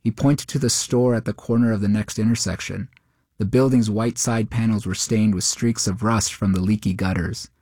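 Man reading a story, lowish voice. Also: dry recording, studio quality. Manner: steady, measured narration. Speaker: narrator.

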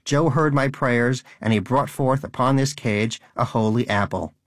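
A man's voice: medium pitch, a little slow, no echo, clean studio sound, close to an everyday voice. A man voicing a pious, bitter male pet rodent in a cage, talking in an earnest, preachy way.

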